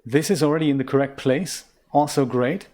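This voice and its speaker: A man's voice: medium pitch, a little fast, darkish tone. Chatty man narrating a puzzle game. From Germany. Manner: chatty, self-mocking, rambling asides. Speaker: game streamer. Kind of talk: casual let's-play commentary.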